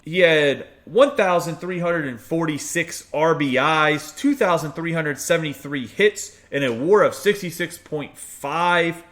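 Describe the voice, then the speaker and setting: A fairly high-voiced American man from Pittsburgh talks through baseball game cards in a loose, opinionated way. He reads long strings of numbers and then weighs in with his own verdict. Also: a bit bright. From United States (Pittsburgh). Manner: chatty, opinionated, reads off stat lists. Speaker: video game YouTuber. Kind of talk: casual game card review.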